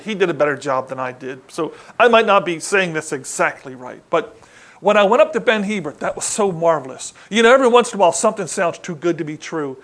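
A man preaching a sermon in a chatty, conversational way, often asking the congregation questions. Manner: conversational, asks the congregation questions, lively rises in pitch.

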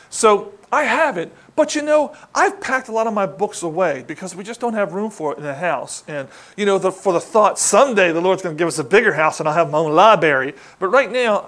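A man preaching a sermon in a chatty, conversational way, often asking the congregation questions. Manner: conversational, asks the congregation questions, lively rises in pitch.

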